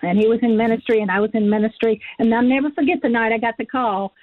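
A woman in her forties tells a heartfelt personal story as a guest, her voice set a little high and often acting out her own past words. The recording sounds dull and lo-fi. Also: fairly even intonation, fast. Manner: earnest, emotional, quotes herself often. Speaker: guest author. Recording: dull lo-fi audio.

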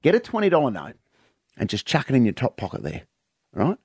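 An Australian man, a comedian, telling a joke on radio in an animated storytelling way, acting out the voices. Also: medium pitch, brisk, breathy edge, dry recording, clean studio sound. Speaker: comedian guest. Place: radio studio. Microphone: studio mic.

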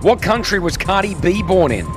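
A man hosting a live morning radio show, teasing his co-host and running a quiz at a brisk pace. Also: high-pitched, expressive, music in the background. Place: hotel venue for a live broadcast.

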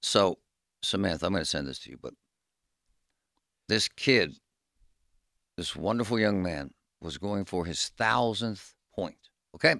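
A middle-aged man co-hosting a radio talk show, telling stories in an animated, ranting way. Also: low voice, a little slow, gravelly, long pauses, no echo, clean studio sound. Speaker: radio co-host. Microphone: studio microphone.

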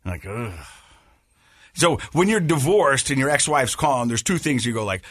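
A man's voice: medium pitch, brisk, breathy edge, no echo, studio quality. A man in his forties co-hosting a podcast, telling a family story in casual chat and laughing as he goes. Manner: animated, laughs while telling stories. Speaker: podcast co-host.

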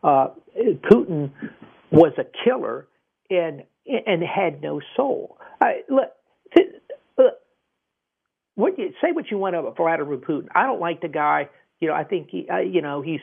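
A man's voice: a little high, lively intonation, a little slow. A man hosting talk radio, giving emphatic political commentary and restarting his sentences often. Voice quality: gravelly, husky. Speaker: radio host. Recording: tinny phone-like radio audio.

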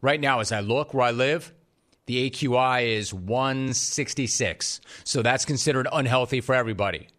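Animated, sarcastic male sports host. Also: mid-range voice, normal speed. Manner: animated, sarcastic, jokey asides. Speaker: sports talk show host. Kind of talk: energetic monologue. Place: studio.

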